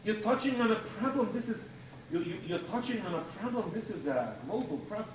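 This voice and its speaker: Male rabbi, high and lively delivery, emphatic repeater; distant mic, roomy echo, faint hiss. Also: fairly quick. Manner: emphatic, repeats key phrases, animated. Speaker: rabbi giving a lecture. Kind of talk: Torah lecture to an audience.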